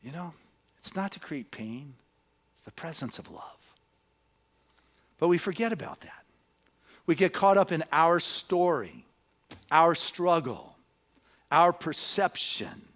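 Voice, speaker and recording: A man's voice: fairly high pitch, animated, slow, long pauses, a bit bright. A male minister giving a sermon, earnest and conversational, moving into storytelling and often adding "you know".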